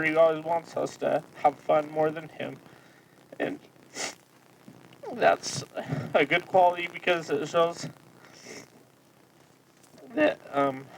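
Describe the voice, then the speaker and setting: A young man giving a casual spoken tribute to his grandfather at a family gathering, hesitant and full of pauses and fillers. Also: on the high side, gravelly. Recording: distant mic, faint background noise.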